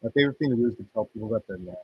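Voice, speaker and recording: A man's voice: fairly low pitch, very fast, slightly rough, highs cut off. A man hosting a podcast, chatting loosely and rambling, joking and swearing as he reacts to wrestling results. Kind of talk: rambling casual commentary.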